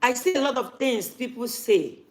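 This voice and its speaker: A woman's voice: fairly high pitch, moderate pace. A woman, talking casually to camera as a vlogger and repeating her points for emphasis.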